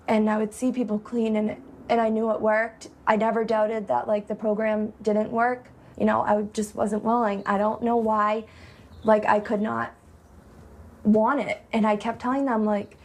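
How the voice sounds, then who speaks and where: A woman's voice: medium pitch, vocal fry, a little mellow. A woman in her twenties from Massachusetts, talking candidly in an interview with many filler "like"s. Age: 20s. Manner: casual, full of filler "like"s. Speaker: interviewee in recovery.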